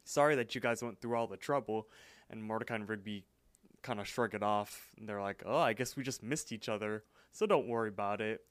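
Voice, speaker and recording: A man co-hosting a podcast, casually recapping a cartoon episode in a relaxed, rambling way. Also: on the low side, a little fast, clear, resonant tone, no room sound. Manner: relaxed storytelling with frequent fillers and laughs. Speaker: podcast co-host.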